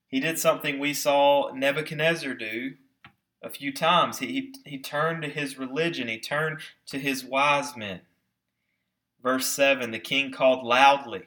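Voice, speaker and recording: Man, pastor preaching, emphatic, deliberate slow stresses, rhetorical questions, forceful tone. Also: mid-range voice. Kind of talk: sermon.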